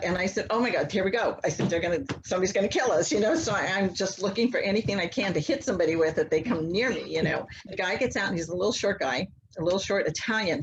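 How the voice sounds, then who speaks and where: A woman guest telling a long personal story in a casual, animated way, acting out the voices of people in it. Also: lowish voice, dull audio, slight background noise. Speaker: interview guest, mother.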